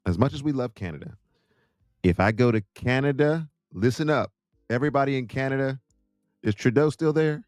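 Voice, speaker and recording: In clean, echo-free studio sound with soft background music, a US host tells travel stories on his own show. His mid-range voice runs a little fast, and he's animated and jokey, doing voices when he quotes people.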